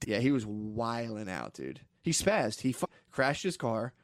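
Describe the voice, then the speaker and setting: A man's voice: sing-song, measured pace, no room sound. Guy co-hosting a podcast, rambly storyteller, mid voice, dry close mic. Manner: rambling storyteller, acts out people he quotes in high yelling voices. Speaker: podcast co-host. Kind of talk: casual chat.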